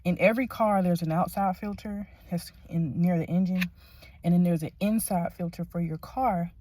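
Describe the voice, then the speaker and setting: A woman tells a rambling story to her viewers, swinging from a hushed whisper to loud, excited disbelief. Her voice sits fairly low for a woman. Faint background noise runs under her talk inside a car. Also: normal speed. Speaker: vlogger. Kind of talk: casual storytelling to camera. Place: in a car at a shop, then parked.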